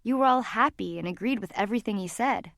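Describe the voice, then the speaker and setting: A woman's voice: medium pitch, fast talker, gravelly, a bit bright, no room sound, studio quality. A woman narrator voicing an upset teenage girl who speaks in an earnest, pleading way.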